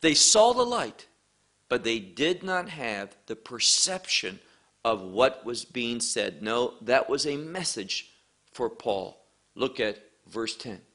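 Slow, bright-voiced male preacher. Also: medium pitch, sing-song. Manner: slow, emphatic teaching with scripture quotes. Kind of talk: sermon.

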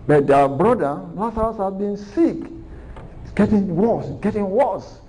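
A man's voice: high voice, animated, measured pace, warm tone, rough recording. A man preaching a recorded sermon, earnest and repetitive, asking rhetorical questions.

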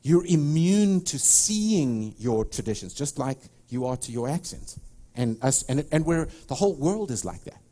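A man's voice: a little high, animated, measured pace, few pauses, warm tone. A middle-aged man with a South African accent preaching a sermon, telling stories with many restarts. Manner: rambling, storytelling with many restarts. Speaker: pastor.

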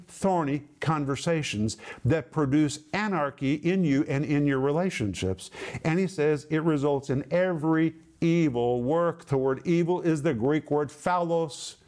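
Male preacher, slightly raised pitch, emphatic and measured in delivery. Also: a little mellow. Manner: emphatic, lists words in slow measured cadence. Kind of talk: sermon.

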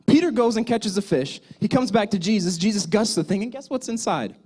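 Pastor guy preaching, kinda high voice, gets loud then drops real quiet, talks right to the church. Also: animated, a little fast, husky. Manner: dramatic, swings between loud exhortation and quiet asides; speaks directly to the congregation. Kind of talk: sermon.

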